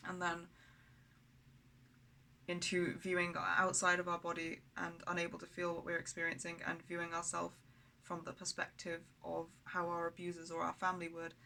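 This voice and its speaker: A woman's voice: on the low side, monotone, normal speed, gravelly, sharp tone, a little hiss or hum, rough recording. A woman talking candidly in a personal video diary, blunt and rambling, with frequent swearing. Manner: rambling, with many fillers and restarts. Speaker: vlogger.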